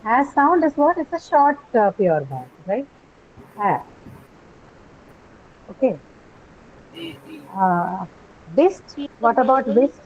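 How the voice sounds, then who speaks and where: A woman's voice: a little high, big pitch swings, takes it slowly, pauses often, darkish tone, a little hiss or hum. A woman teaching English pronunciation in a live class, patiently spelling words letter by letter and repeating them. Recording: slightly muffled recording.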